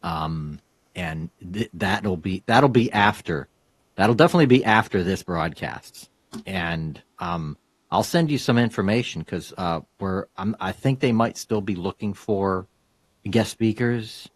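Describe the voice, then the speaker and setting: Brief: male host, low husky voice, lively pitch, laughs a lot, rambly. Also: measured pace, no echo. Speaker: podcast host. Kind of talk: casual interview chat.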